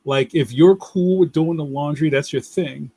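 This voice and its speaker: A man's voice: a little high, normal speed, warm tone, slightly rough, no room sound. A young man with a Philadelphia accent hosting a casual livestream, rambling loosely, laughing often and reading out viewer comments. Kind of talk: casual chat.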